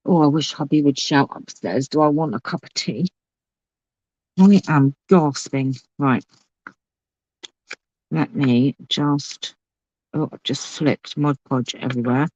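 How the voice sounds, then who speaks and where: A woman's voice: low voice, takes it slowly, pauses often, a little mellow, no room sound, highs cut off. A woman hosting a casual crafting livestream, chatting and thinking aloud as she works. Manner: chatty, thinks aloud, talks to her pet. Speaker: craft channel host.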